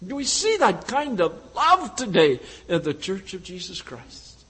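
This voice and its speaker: A man preaching a sermon, swinging between loud exhortation and hushed questions. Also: sits high, wildly swooping pitch, unhurried, low-quality recording.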